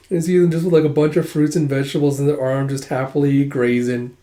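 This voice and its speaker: A man's voice: mid-range voice, little pitch movement, fast talker, hardly any pauses, mellow. A young man casually retelling a manga chapter, his throat sore and strained. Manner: casual, filler-heavy retelling. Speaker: manga reader, video host. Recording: roomy echo.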